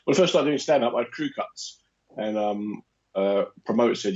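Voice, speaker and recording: A stand-up comic co-hosts a casual podcast, teasing his friend in a wry, deadpan way. His pitch moves a lot, and the recording sounds a bit dull. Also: normal speed. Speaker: comedian and podcast co-host. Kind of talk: casual chat.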